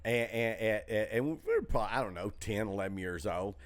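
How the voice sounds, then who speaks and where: A man's voice: fairly low pitch, fairly quick. A man hosting a backstage podcast at his comedy club, chatting casually and stumbling over his words as he retells stories. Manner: eager, stammers uh uh, retells bits with shouting voices.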